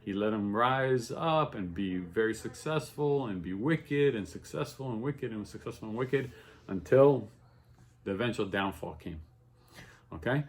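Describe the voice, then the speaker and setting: A man teaching an informal religious class, telling stories with growing excitement and checking in with "okay?" and "right?" all the time. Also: on the low side, unhurried. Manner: animated storytelling, voice rising with excitement. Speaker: Torah teacher.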